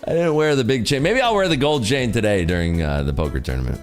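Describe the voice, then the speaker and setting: A man's voice: medium pitch, big pitch swings, fast talker, faint music behind. A tired man hosting a day-trading livestream, joking and reading chat aloud in casual talk.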